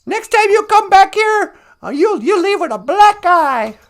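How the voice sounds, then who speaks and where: A woman voicing a loud, angry hen who squawks and yells at a fox. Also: sing-song, a little slow, full character voice. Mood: furious. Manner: squawking clucks, shrill yelling.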